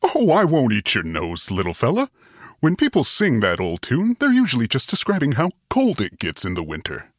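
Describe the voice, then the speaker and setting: Jack Frost, played by a man, a husky, cheerful winter spirit. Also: mid-range voice, huge pitch swings, moderate pace, dry recording, clean studio sound. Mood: playful.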